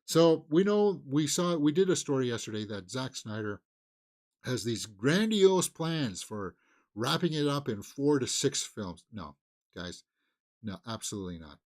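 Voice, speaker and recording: A man hosts a casual movie news show in a rambling, unscripted way. He stops and starts a lot, filling gaps with "uh" and "um" and the odd sigh or chuckle. His voice sits at an ordinary middle pitch for a man. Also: sing-song, measured pace. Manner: rambling, frequent fillers and restarts, sighs and chuckles. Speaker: movie news channel host.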